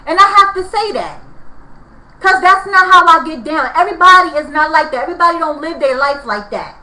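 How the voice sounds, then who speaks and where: A woman rants to the camera with a very high, piercing voice. Her talk is heated, profane and repetitive, and she circles back over the same complaints. The sound rings in an echoey room. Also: animated, fairly quick, sharp tone. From New York. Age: 30s. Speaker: vlogger. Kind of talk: angry venting vlog.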